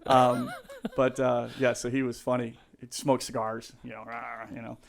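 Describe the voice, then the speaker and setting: A realtor in his fifties, appearing as a podcast guest, tells stories casually in a rambling way, laughing and using lots of fillers and restarts. His gravelly, medium-pitched voice has a flat delivery at a normal speed.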